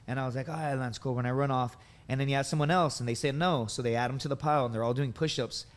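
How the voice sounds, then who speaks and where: A man in his thirties from the United States spins long, rambling stories, padding them with likes and dudes. His voice sits at a middling pitch and has an easy, conversational flow. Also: steady tone, very fast. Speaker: podcast guest, veteran and comedian. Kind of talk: casual storytelling.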